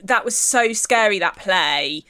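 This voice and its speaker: Bright, excitable woman chatting. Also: mid-range voice, a little slow. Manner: excitable, giggly storyteller. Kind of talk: casual chat.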